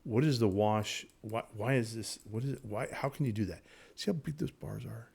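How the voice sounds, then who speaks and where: A man teaching day trading over his charts in a casual, excitable way, repeating himself and talking straight to viewers. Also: lowish voice, moderate pace, vocal fry, slightly rough. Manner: excitable, repetitive, talks to viewers directly. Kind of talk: casual screen-share trading lesson.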